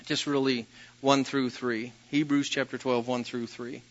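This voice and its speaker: A man preaching a sermon as pastor, telling personal stories with a self-deprecating manner and occasional loud bursts. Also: mid-range voice, flat delivery, unhurried, highs cut off.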